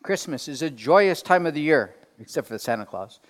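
A man delivering a sermon as pastor, telling stories with lively put-on voices and dropping to quiet asides. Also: fairly high pitch, brisk. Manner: animated storytelling, drops to quiet asides. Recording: long reverb of a large hall.

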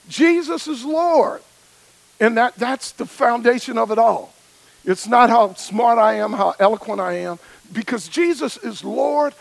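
A man preaching a sermon, emphatic, with rhythmic repetition and a gravelly voice. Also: sits high, dry recording, poor audio.

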